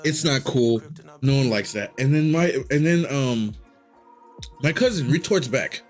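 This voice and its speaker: A young man streaming live, telling a long profane story in a casual, animated way and jumping into high excited voices when he quotes himself. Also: measured pace, soft background music. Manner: animated, profane, jumps into high excited voices for his own past self.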